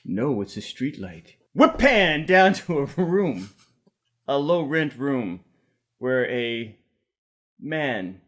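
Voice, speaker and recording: A man co-hosting a comedy podcast who reads stage directions aloud in a slow, drawn-out, deadpan manner. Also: mid-range voice. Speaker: podcast co-host.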